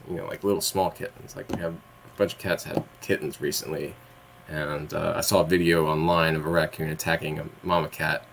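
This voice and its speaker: Deep-voiced man rambling through a monologue. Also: slight background noise. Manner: rambling, laughs mid-sentence, swears when annoyed. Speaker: vlogger.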